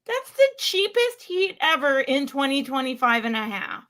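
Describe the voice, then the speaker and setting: High bright woman on a podcast, opinionated, tells stories about her friends, pretty emphatic. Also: big pitch swings, moderate pace. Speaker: podcast co-host. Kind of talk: casual chat.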